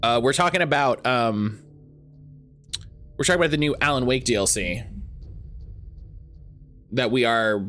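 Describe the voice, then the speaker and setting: A man streaming a video game, chatting casually and excitedly with his viewers, rambling and greeting them by name. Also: mid-range voice. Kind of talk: casual live-stream chat.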